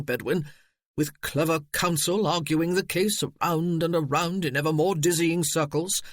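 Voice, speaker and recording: A man's voice: fairly high pitch, no room sound, studio quality. A man voicing a curt, impatient old earl. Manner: curt, dismissive.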